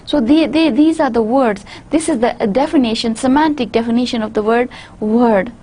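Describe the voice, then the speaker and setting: A woman's voice: on the high side, moderate pace, dark tone, breathy edge. A woman with a South Asian English accent giving a university lecture, explaining step by step and often repeating or restarting words as she reasons aloud. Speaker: linguistics lecturer.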